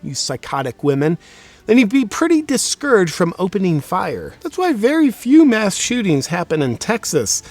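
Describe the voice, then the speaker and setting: Deadpan mock-serious young man. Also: high-pitched, normal speed, hardly any pauses, no echo, soft background music. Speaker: video host. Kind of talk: sarcastic comedic monologue.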